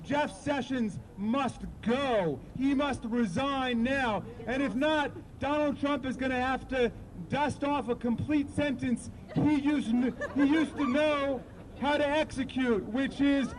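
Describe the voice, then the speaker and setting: A man's voice: very high-pitched, slow pace, rough recording. A man giving an impassioned protest speech outdoors, leading call-and-response chants with sarcastic jabs. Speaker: rally speaker. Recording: crowd noise outdoors. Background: crowd and street noise.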